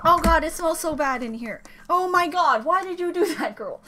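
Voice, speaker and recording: Screaming, very high-pitched woman reacting. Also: expressive, normal speed. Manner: screams, gasps and exclaims constantly. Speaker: reaction video host. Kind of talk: excited reaction commentary. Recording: loud performance music behind. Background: loud music.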